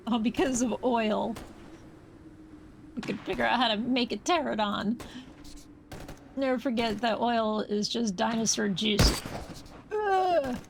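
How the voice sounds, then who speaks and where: A woman's voice: fairly high pitch, steady tone, a little slow, creaky, pauses often, noisy background. A woman streamer reading game dialogue aloud during a live playthrough, with playful asides.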